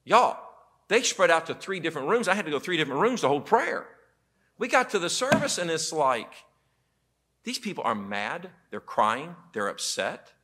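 Bright-voiced male pastor preaching. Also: a little high, normal speed, a little hiss or hum. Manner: animated storytelling with quoted voices. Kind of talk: sermon. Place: church auditorium.

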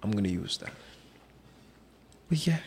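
A podcast co-host in casual chat, playful and joking with a dramatic streak. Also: male voice, on the low side, big pitch swings, measured pace, reverberant, slight background noise.

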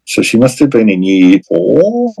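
A man's voice: fairly low pitch, wildly swooping pitch, measured pace, vocal fry, mellow, rough recording. An Australian man in his forties telling a personal story in an interview, rambling and full of fillers. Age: 40s. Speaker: guest.

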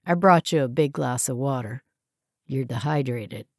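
A woman's voice: extremely low pitch, moderate pace, no echo, clean studio sound, voice pushed down. A woman reading a story, voicing a smug husband who offhandedly mocks his hungover wife. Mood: teasing.

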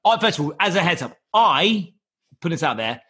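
A man's voice: a little high, very animated, moderate pace, sharp tone, slightly rough. A man, telling a rambling story as a podcast guest, laughing and swearing often. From United Kingdom. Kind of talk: casual storytelling.

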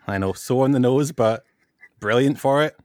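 A man's voice: mid-range voice, normal speed, no room sound. Easygoing Scottish man, dry sound. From Scotland. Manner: easygoing, relaxed, rambling. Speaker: podcast guest. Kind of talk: casual podcast chat.

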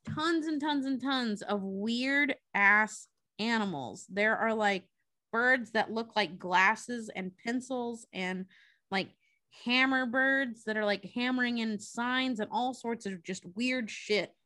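A woman's voice: a little high, takes it slowly, bright, forceful tone, no room sound. Podcast co-host, woman, loose chatty recap, swears, dry close sound. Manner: loose, swearing, filler-heavy. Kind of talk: casual chat retelling a film.

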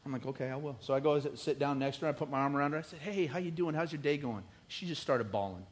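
A middle-aged man preaching a sermon, animated and joking, with rising emphatic bursts. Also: fairly high pitch, quick pace. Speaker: pastor.

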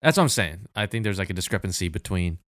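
A man's voice: sits low, lively intonation, quick pace, fairly bright tone, no echo. A man hosting a casual podcast game, teasing his guests as he keeps the rounds going. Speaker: podcast host. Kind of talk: casual chat.

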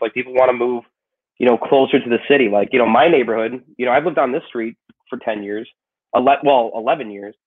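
A man with a Chicago accent in a casual podcast chat, rambling with lots of "you know" and swearing. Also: mid-range voice. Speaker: comedian moving cities. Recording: tinny phone-like sound.

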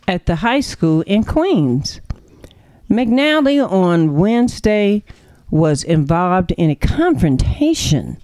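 A woman's voice: mid-range voice, a little mellow, no room sound. A woman hosting a talk radio show, giving opinionated commentary in an emphatic, preachy way full of rhetorical questions.

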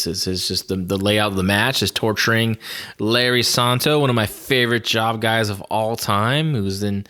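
A man with a fairly low voice chats casually on a wrestling podcast. He rambles through his memories with many fillers and gets animated as he tells them. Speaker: podcast host.

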